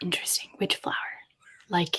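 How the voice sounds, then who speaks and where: A woman writer chatting casually on a live stream, thinking aloud in a rambling way with quick asides. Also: sharp tone, in a whisper. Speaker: writer livestreaming with chat.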